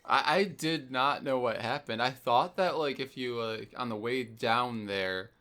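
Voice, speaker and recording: A man co-hosting a casual gaming podcast, easygoing but getting loud and exasperated when retelling raid moments. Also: mid-range voice, measured pace. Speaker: podcast co-host.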